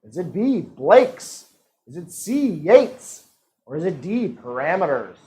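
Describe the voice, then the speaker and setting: A man's voice: on the high side, very animated, takes it slowly, mellow, rough recording. A man hosting a live-streamed trivia game, reading questions and answer options in a playful, teasing way. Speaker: trivia host.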